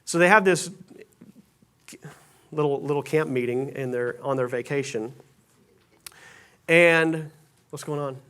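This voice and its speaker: A man's voice: a little high, measured pace, pauses often, fairly bright tone, clean tone. A pastor giving a casual, storytelling sermon to his congregation, with many restarts and self-deprecating asides. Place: church sanctuary stage.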